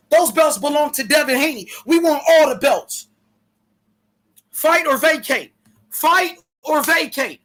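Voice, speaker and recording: A man hosting a casual boxing talk stream, talking loud, profane trash. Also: very high-pitched. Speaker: host.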